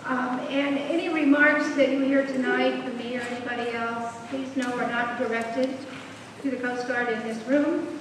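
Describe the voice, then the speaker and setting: A woman's voice: high voice, fairly even intonation, moderate pace. A woman speaking plainly and pointedly as a community speaker at a public meeting. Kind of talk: public speech. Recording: echoey hall from far off, with background noise.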